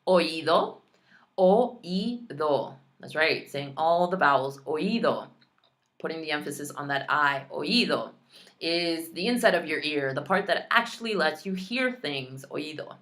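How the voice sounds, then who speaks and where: A woman's voice: sits low, animated, unhurried, a bit bright. A woman teaching a Spanish lesson online, pronouncing practice words carefully and adding chatty, playful asides.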